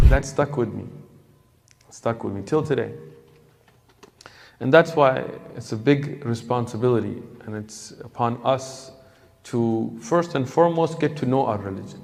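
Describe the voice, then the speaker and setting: Gravelly-voiced man preaching. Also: medium pitch, measured pace. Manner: lively storyteller acting out dialogue. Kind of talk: storytelling sermon. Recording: long hall reverb.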